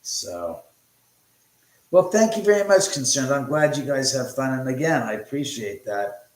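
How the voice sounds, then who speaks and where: A man's voice: medium pitch, big pitch swings, a little slow. Middle-aged guy rambling on a livestream from home, jokey, swears a lot, roomy echo on a phone mic. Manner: chatty and joking, cursing freely. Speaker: livestream host. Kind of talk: casual livestream chat, reading viewer comments. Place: room in his house. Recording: echoey room.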